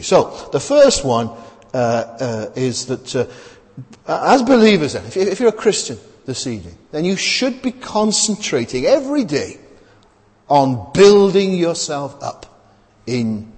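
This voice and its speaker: A man's voice: mid-range voice, very animated, a little slow, a little mellow, long reverb tail. A man preaching a sermon in a conversational, hesitant way, often restarting and adding rhetorical tag questions.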